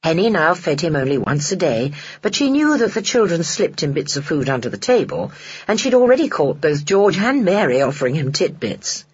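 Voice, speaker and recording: An expressive audiobook narrator with a husky, breathy voice that moves up and down in a lively way. The recording sounds dull and lo-fi. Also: medium pitch, normal speed. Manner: expressive storytelling.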